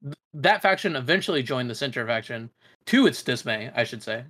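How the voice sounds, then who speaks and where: A man's voice: medium pitch, expressive, a little fast, pushed and bright. A young man guest on a podcast, talking casually in a rambling, hesitant way with many fillers. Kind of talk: casual chat.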